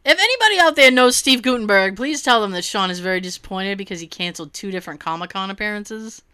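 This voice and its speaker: Bright, lively woman chatting. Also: medium pitch, quick pace, clear, resonant tone, dry recording. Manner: animated, laughs often, swears freely. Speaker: podcast co-host. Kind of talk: casual chat.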